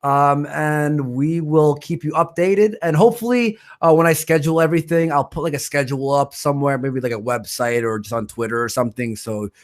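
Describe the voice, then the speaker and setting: A man's voice: on the high side, a little fast, few pauses. A man hosting a live stream, casually reading out viewer donations, joking and stumbling over names. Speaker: stream host.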